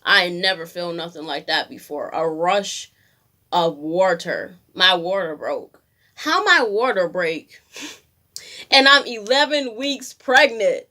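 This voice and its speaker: A young woman tells a personal story to the camera in a casual, slangy way. She acts out what people said as she goes. Her voice sits a little low. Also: lively intonation, slow pace, bright, forceful tone. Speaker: vlogger.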